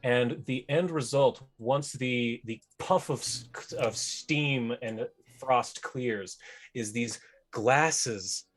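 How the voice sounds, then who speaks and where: A man's voice: medium pitch, extremely slow, soft background music. A man narrating a tabletop game as game master, chatty and descriptive, often correcting himself.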